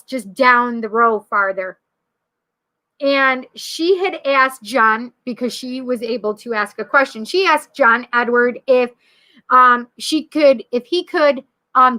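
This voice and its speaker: A woman in her thirties from the Rochester area, hosting a casual livestream as a psychic medium, chatty and quick to laugh, acting out the people she quotes. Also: on the high side, sharp tone. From Rochester area, New York. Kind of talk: casual livestream chat, reading viewer comments.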